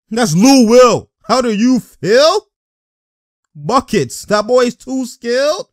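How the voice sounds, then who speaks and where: An excitable man calls out basketball plays in loose slang and keeps breaking into laughter. His pitch swings all over the place, yet he talks at an unhurried pace. The sound is dry and close. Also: no room sound. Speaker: basketball highlight reactor. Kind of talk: casual reaction commentary.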